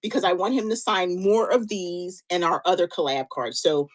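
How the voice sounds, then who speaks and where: Woman, 50s, lowish pitch, chatty motivational live-stream co-host, encouraging. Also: moderate pace, poor audio. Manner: chatty, encouraging, restarts often.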